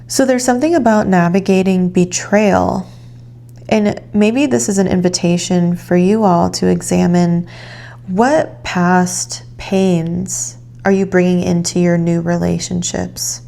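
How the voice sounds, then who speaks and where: Calm lady doing a tarot reading, talks real slow, bit of vocal fry, gentle guiding tone. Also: on the low side. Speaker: tarot reader.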